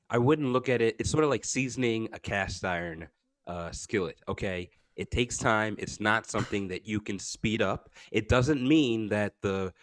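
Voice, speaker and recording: A man's voice: on the low side, no room sound. A man co-hosting a podcast in casual chat, teasing his partner and giving mock-wise advice. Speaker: podcast co-host.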